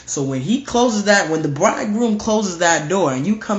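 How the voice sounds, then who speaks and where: A man with a fairly high voice walks through scripture in a casual, emphatic way, repeating his points over and over. The sound is roomy and a bit dull, as if recorded in a lo-fi setup. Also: lively intonation, normal speed. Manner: emphatic and repetitive, reading scripture aloud. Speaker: Bible teacher. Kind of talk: casual verse-by-verse Bible study.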